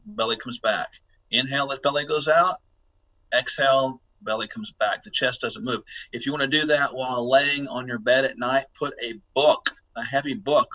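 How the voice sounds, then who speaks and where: A man's voice: mid-range voice, bright, forceful tone, lo-fi sound. A man giving instructive, emphatic advice on a podcast interview, often repeating words as he starts a sentence. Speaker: guest wellness speaker. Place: office building.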